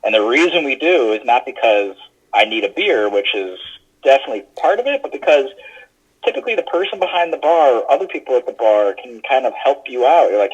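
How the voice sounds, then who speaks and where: A man's voice: medium pitch, sing-song, a little fast, husky, dull audio. A man guesting on a podcast, telling stories in a loose, chatty way with lots of fillers and restarts. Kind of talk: casual conversational storytelling.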